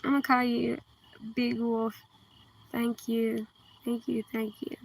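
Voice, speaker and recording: Gravelly soft-spoken southern Kentucky woman. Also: a little high, little pitch movement. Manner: slow, deliberately enunciated, soft-spoken. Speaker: livestreamer. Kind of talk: casual livestream chat. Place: outdoors at night. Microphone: phone. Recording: distant phone mic, faint outdoor hiss.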